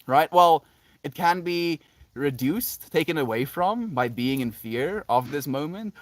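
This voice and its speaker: A man's voice: fairly high pitch, lively intonation, measured pace, slight background noise. A South African man musing dreamily as a live streamer, reading chat comments and laughing often.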